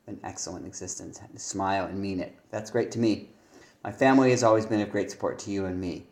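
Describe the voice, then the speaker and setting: A man reading submitted lyrics aloud and commenting on how their stresses fit, pausing often to think. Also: low voice, darkish tone, reverberant. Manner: reads lines aloud then comments on stress, thinking aloud with fillers. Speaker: songwriting teacher.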